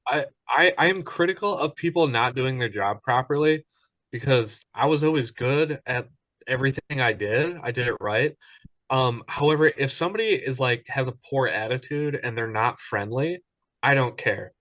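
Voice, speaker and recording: A man in his thirties chats casually on a podcast, enthusiastic and rambling, with plenty of ums. His voice sits at a middle pitch and sounds close and dry, with no room around it. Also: moderate pace, a bit bright, no echo. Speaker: podcast co-host.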